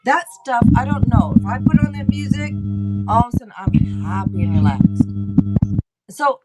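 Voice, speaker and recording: Animated rambling woman tarot host. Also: on the low side, moderate pace, loud music behind the voice, rough recording. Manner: chatty, rambling, animated, talks to the chat. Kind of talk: casual chat.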